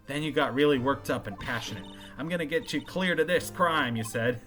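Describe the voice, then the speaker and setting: A man's voice: mid-range voice, fairly quick, a bit bright, close to an everyday voice. Brief: man playing a flustered young female cop, slightly raised voice, game music underneath. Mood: determined. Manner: clumsy, says "sir" a lot. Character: earnest young female police officer, unlucky. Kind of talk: amateur game voice-over.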